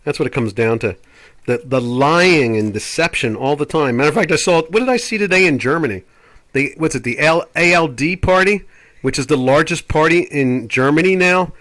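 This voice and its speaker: A man's voice: on the high side, animated, normal speed, a bit bright. Older man rambling through market charts. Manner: rambling, opinionated, puts on quoted voices. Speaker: trading show host. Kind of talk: live market commentary chat.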